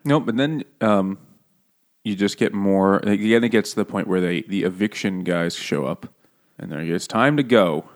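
A man's voice: sits low, normal speed. A man co-hosting a book club podcast in casual chat, joking, swearing freely and laughing often.

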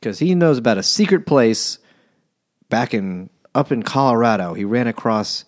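A man's voice: medium pitch, animated, normal speed. A man co-hosting a podcast in casual chat, crude and dry-humored, swearing freely. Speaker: podcast co-host.

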